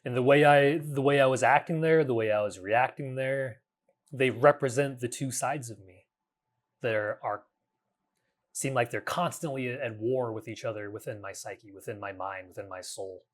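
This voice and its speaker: A man in his thirties hosting a reflective solo podcast, talking earnestly in a halting way with frequent restarts and casual swearing. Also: mid-range voice. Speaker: podcast host.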